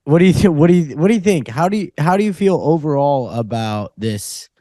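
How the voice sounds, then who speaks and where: A man co-hosting a comedy podcast who teases his partner and laughs easily. His voice moves around a lot in pitch. He is recorded close and dry. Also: animated, dark tone, no room sound. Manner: laughs often, quick crude jokes and teasing. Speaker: podcast co-host. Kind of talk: casual comedic chat.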